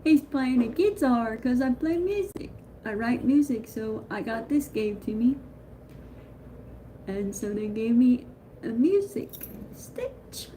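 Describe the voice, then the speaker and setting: Excitable chatty woman, higher voice. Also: slow pace, a little hiss or hum. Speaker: live streamer greeting viewers. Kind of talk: casual live-stream chat.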